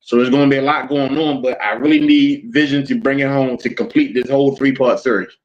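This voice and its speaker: A man's voice: mid-range voice, steady tone, a little fast. Insistent man, dull lo-fi sound. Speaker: podcast co-host. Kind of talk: casual chat. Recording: dull lo-fi audio.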